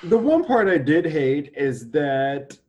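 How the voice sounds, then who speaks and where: A man co-hosting a casual movie podcast, animated, laughing often and acting out quotes. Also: a little high, slow, muffled recording. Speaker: podcast co-host. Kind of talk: casual movie review chat.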